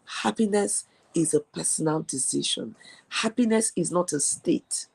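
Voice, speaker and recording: A woman's voice: lowish voice, animated, measured pace, vocal fry, a little mellow, breathy edge. A woman from Nigeria hosting a live stream, giving an earnest motivational talk and repeating key phrases for emphasis. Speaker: host.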